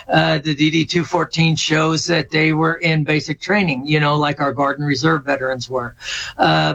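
A middle-aged man speaking as a veterans service officer on a radio interview, halting and full of fillers. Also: fairly high pitch, a bit bright, rough recording. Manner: halting, many fillers and restarts.

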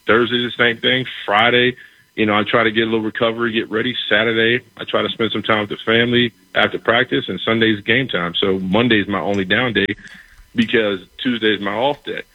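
Husky-voiced man telling a story. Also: on the low side, brisk, no room sound, highs cut off. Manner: animated, repeats words, acts out quoted dialogue. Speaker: former pro football player, guest. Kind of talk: casual storytelling.

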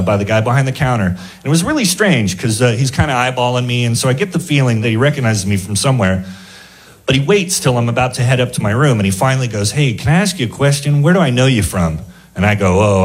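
A male stand-up comedian telling a rambling anecdote and chuckling at his own jokes. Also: mid-range voice. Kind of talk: stand-up storytelling.

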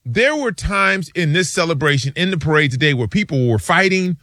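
A man telling stories on a sports talk show and acting out his friends' lines. His voice is bright and forceful, with lively rises and falls. It sits slightly high and is recorded close and dry. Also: brisk, dry recording. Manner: animated storyteller, acts out friends' lines. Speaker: sports radio co-host. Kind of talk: casual sports talk, storytelling.

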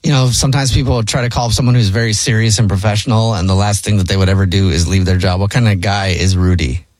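A male radio host with a slightly husky, breathy voice, speaking at a mid pitch. He talks briskly and lays out the rules of an on-air game in an upbeat studio manner. The sound is dry and close, with no room echo. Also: steady tone, darkish tone. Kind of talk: upbeat radio segment hosting. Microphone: studio microphone.

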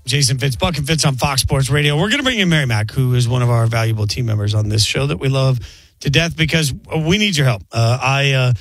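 A man's voice: medium pitch, a little fast, fairly bright tone, no room sound, soft background music. Rambling male sports radio host. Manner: rambling, hesitant, joking. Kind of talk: casual sports radio chat. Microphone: studio mic.

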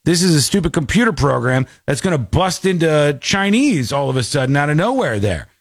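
A man's voice: on the high side, sing-song, fairly quick, breathy edge, dry recording, studio quality. A man hosting a commentary show, reacting sarcastically and mockingly to a news clip. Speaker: host.

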